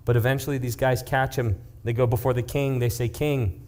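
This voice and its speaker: A young man, a youth pastor, preaching in a casual, animated way, retelling a story and dropping into hushed asides. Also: medium pitch, quick pace. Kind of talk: youth-group sermon storytelling.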